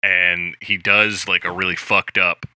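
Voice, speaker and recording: A man co-hosting a podcast, casually recapping a film with animated retellings and lots of swearing. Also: low-pitched, a little slow, clear, resonant tone, no echo. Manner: animated retelling, acts out quoted lines, swears freely. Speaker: podcast co-host.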